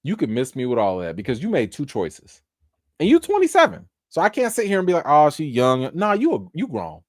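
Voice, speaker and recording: A man's voice: medium pitch, wildly swooping pitch, fast, darkish tone. A man hosting a livestream of entertainment news, with emphatic, scolding commentary. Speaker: livestream host.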